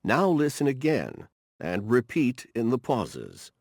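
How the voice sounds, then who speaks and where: A man narrates a language course in a slow, careful, announcing way. His voice sits lowish with a gravelly edge. He swings widely in pitch, and the recording is dry and close. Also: huge pitch swings, darkish tone, no echo. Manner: measured, announcing page and exercise numbers. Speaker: narrator of textbook audio. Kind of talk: scripted instructional narration.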